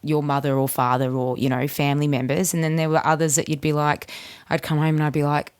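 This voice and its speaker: Woman, podcast guest, low voice, chatty, jokey asides. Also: flat delivery, fast talker, clear, resonant tone. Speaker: guest, band member. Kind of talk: casual interview chat.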